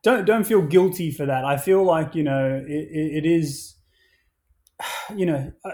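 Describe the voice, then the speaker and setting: A man telling stories in a casual podcast chat, energetic, swearing freely and restarting often. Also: a little high, a little slow.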